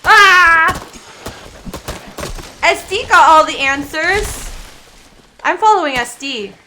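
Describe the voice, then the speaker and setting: A woman's voice: very high voice, expressive, slow pace, sharp tone, a little hiss or hum. A woman streaming a game, chatting casually with viewers, giggly and chatty, who coos baby talk at her cat. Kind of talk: casual gaming livestream chat.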